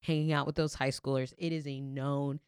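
A woman's voice: rumbling low, flat delivery, fairly quick, darkish tone, clear, resonant tone, dry recording, studio quality. A young woman co-hosting a casual talk show, telling a story candidly and swearing freely. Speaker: podcast co-host. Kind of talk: casual chat.

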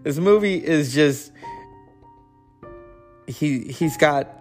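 A man's voice: on the high side, extremely slow, soft background music. A man hosting a casual, rambling, enthusiastic chat about classic films. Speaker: host.

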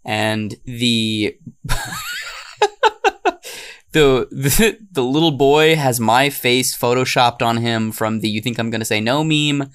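A man co-hosting a podcast, chatting casually and getting loud when he acts out meme quotes. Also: medium pitch, unhurried, hardly any pauses, clean tone. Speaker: podcast co-host.

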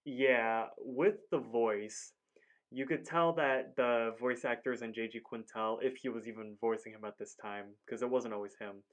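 A man's voice: medium pitch, steady tone, moderate pace. A man co-hosting a podcast, chatting casually through a cartoon episode recap, rambling with lots of "like" and acting out the characters' lines. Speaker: podcast co-host.

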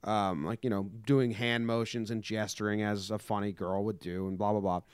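Rambling young man with a smooth voice. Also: on the low side, level tone, normal speed, no echo, clean studio sound. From United States. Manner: rambling storyteller, acts out quotes in silly voices. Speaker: podcast co-host. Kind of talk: casual comedic chat.

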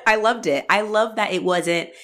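A woman's voice: medium pitch, moderate pace. A woman co-hosting a casual talk show, talking animatedly and swearing freely while acting out the people she describes. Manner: animated, profane, acts out quoted characters. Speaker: podcast co-host. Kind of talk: casual chat.

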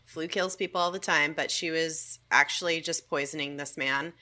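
A woman's voice: low-pitched, steady tone, moderate pace, sharp tone. A young woman co-hosting a podcast, casually retelling a story with crude asides and many fillers. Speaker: podcast co-host.

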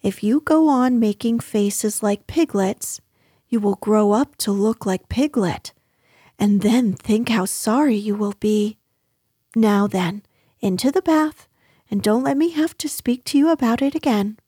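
A woman's voice: a little high, lively intonation, takes it slowly, warm tone, breathy edge, dry recording, studio quality, exaggerated voice. A woman voicing a motherly female kangaroo in a storybook reading, soothing but firm.

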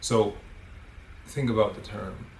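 A man's voice: on the low side, fairly even intonation, takes it slowly, vocal fry, a little mellow, roomy sound, a little hiss or hum. A man hosting a podcast, giving a motivational monologue in a coaching, preachy way and swearing freely. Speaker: podcast host.

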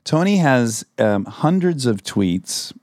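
A man hosting a podcast, reading tweets aloud in casual chat, animated and laughing, sometimes swearing. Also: mid-range voice, takes it slowly. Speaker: podcast host.

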